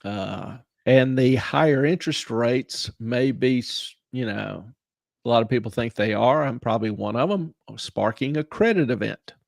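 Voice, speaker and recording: Gravelly-voiced man explaining finance. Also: medium pitch, darkish tone, no echo. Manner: dry, teasing banter, then slow explaining. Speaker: finance show host. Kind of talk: casual live-stream finance talk.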